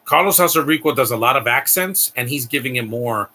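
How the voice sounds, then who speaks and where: A man's voice: medium pitch, expressive, a little fast, pushed and bright, slight background noise, poor audio. A man hosting a live stream, giving a blunt, ranting movie reaction commentary with frequent restarts.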